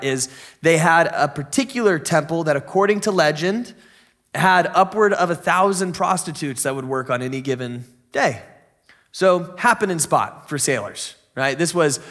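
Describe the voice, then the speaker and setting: A man's voice: on the high side, lively intonation, normal speed, fairly bright tone. A young man preaching a sermon in an enthusiastic, conversational, joking way. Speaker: pastor.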